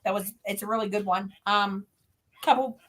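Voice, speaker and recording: A woman's voice: mid-range voice, normal speed, slight background noise. A woman hosting a show, telling a story in casual chat and acting out her own reactions. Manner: animated, acts out her own reactions in quotes. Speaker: podcast host.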